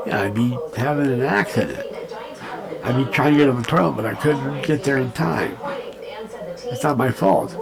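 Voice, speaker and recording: Gravelly St. man, resident's angry vent, crowd murmur behind. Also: mid-range voice, normal speed, pauses often, rough recording. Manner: aggrieved, repetitive, reenacts arguments. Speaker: nursing home resident vlogger. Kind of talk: angry personal vent to camera.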